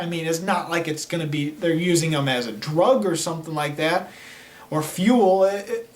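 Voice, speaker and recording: A young man giving a chatty, opinionated film review in casual talk, often saying "like". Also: high voice. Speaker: movie reviewer. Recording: roomy echo, mic at a distance.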